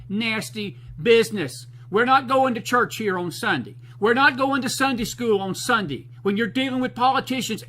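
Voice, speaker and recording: A man's voice: extremely high pitch, bright, forceful tone, rough recording. A man hosting a talk show, delivering fired-up political commentary in a folksy, preachy, emphatic way.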